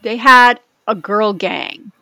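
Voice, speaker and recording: A woman from the United States co-hosting a podcast in casual chat, blunt and swearing freely, talking in quick bursts. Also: mid-range voice, bright, forceful tone, no echo. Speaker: podcast co-host.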